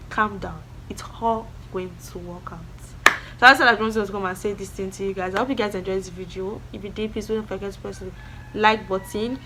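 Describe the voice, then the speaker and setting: A woman's voice: medium pitch, a bit bright, a little hiss or hum. A young woman, talking earnestly to camera in a casual vlog and repeating her encouragements. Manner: earnest, motivational, repeats phrases. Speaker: vlogger.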